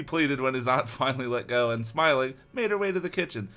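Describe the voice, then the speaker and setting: A man reading a children's horror book aloud on a comedy podcast, joking and laughing along. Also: medium pitch. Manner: joking, animated, quick to laugh.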